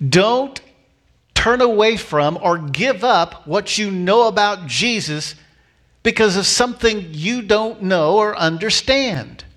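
A man preaching a sermon as a pastor, telling a story with lively acted-out voices and repeating key lines slowly for emphasis. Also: sits high. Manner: animated storytelling, acting out voices of people in the story.

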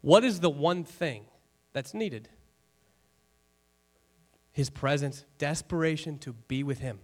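A high-voiced man preaches to his congregation in a church. He talks in a loose, conversational way and keeps the room involved with rhetorical questions. He drops joking asides as he goes. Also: lively intonation, slow. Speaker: pastor. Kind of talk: sermon.

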